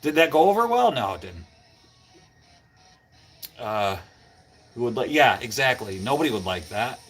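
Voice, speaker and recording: A man's voice: medium pitch, sing-song, moderate pace, husky, soft background music. A man hosting a casual livestream from a cold garage, rambling and greeting viewers by name. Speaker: livestream host. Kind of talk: casual live-stream chat with viewers.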